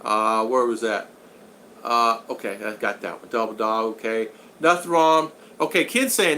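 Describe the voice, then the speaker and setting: A man hosting a casual live stream, reading viewer comments aloud with halting, repetitive phrasing and many thank-yous. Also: mid-range voice, lively intonation, pushed and bright, a little hiss or hum.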